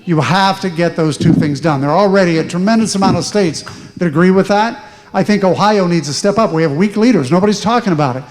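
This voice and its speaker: A man's voice: high-pitched, fast talker. A man speaking as a candidate on a town hall panel, stressing points by repeating them. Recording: echoey hall.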